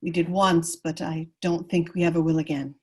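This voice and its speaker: A woman's voice: on the low side, level tone, normal speed, husky. A woman reading the part of a frustrated, disillusioned young noblewoman at a virtual table read of a radio play, earnest and exasperated. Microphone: video call.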